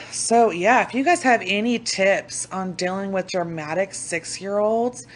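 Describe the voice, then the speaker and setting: A young woman co-hosting a podcast in casual chat, blunt and animated, swearing freely as she tells stories. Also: mid-range voice, measured pace. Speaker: podcast co-host.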